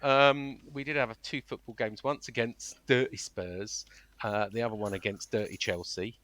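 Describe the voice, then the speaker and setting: A man's voice: medium pitch, steady tone, moderate pace, fairly bright tone, no room sound. A man co-hosting a casual football fan podcast, rambling with restarts and trailing off as he talks. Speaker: podcast co-host and news editor.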